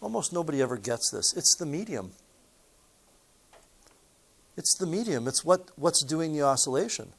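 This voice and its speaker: A man teaching physics with a rather high-pitched voice. He talks in a relaxed, chatty way and keeps asking his listeners questions. He also slips in stories from his own life. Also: normal speed, creaky, long pauses. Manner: chatty, asks the audience questions, tells personal stories. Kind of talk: recorded classroom lesson.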